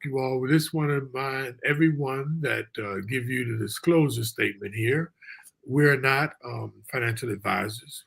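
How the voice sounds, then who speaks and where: A man with a medium-pitched, creaky voice and a breathy edge hosts a casual live-stream talk show from a remote virtual studio. He's chatty and loose, throwing in folksy asides.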